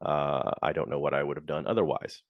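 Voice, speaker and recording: A man with a deep, low voice tells a casual story on his podcast. He talks frankly and complains as he goes, and acts out the people in it. The recording is close and dry, with no room sound. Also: a little fast, no room sound, highs cut off. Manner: animated, slips into quoted voices. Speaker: podcast host.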